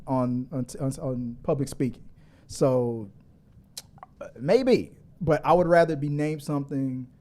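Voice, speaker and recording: A middle-aged man hosts a loose, unscripted livestream, talking in a fairly high voice. He rambles, restarts his sentences and laughs often as he reacts to viewer comments. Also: warm tone. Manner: rambling, chatty, laughs a lot, with frequent restarts. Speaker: host of a movie news livestream. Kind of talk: casual livestream chat reading viewer comments.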